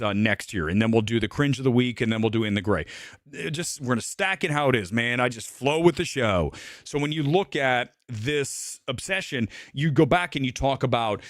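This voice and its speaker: A man's voice: mid-range voice, no echo, studio quality. A middle-aged man from Ohio hosting a movie talk livestream, ranting casually and profanely. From Ohio, USA.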